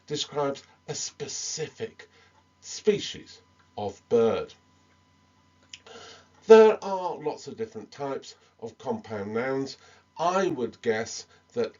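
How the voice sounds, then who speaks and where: A man giving a recorded English lesson, talking slowly with many ums and small restarts. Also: mid-range voice, darkish tone, lo-fi sound. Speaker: medical English teacher.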